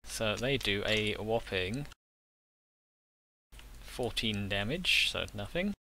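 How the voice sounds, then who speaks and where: Bright-voiced man running a tabletop game. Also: fairly low pitch, animated, slow pace, slight background noise. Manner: loose, hesitant narration full of uh and casual swearing. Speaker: game master.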